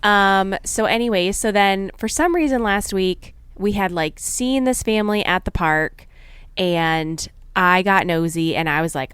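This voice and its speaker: A woman in her thirties co-hosting a podcast, telling stories in a relaxed, chatty way with easy laughs. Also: mid-range voice, measured pace, clear, resonant tone, no echo. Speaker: podcast co-host. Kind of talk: casual chat.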